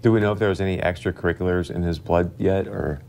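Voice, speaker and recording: A man with a very low voice, bantering as a TV news co-anchor in a studio. He teases, tells little anecdotes and keeps the tone light and joking. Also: fairly even intonation, quick pace, gravelly, a little mellow. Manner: teasing, jokey, tells anecdotes. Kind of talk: casual on-air banter between news stories.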